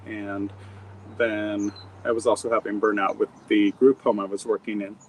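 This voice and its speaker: A middle-aged man from Montana answers interview questions in a rambling, reflective way, stopping and restarting as he goes. His voice sits fairly low. A faint hiss runs underneath. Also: level tone, moderate pace, dull audio. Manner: reflective, rambling storytelling with many fillers and restarts. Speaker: author and guest. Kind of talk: conversational interview.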